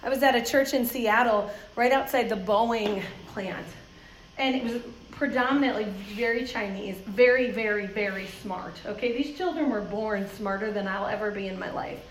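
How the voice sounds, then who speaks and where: A woman's voice: mid-range voice, moderate pace, a little hiss or hum. A woman giving a church talk about children's ministry, telling stories with frequent laughter and acting out the voices of people she quotes. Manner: lively, laughs often, acts out voices in quotes. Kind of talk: talk to a church audience, with anecdotes. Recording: roomy echoey hall sound.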